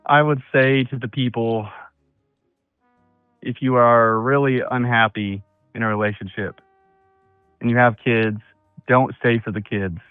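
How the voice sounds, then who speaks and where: A male caller speaks plainly and calmly through a thin, tinny phone line. Faint music plays behind him. His voice sounds close and dry. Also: medium pitch, a little slow, long pauses, clean tone, dry recording. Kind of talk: phone-in conversation.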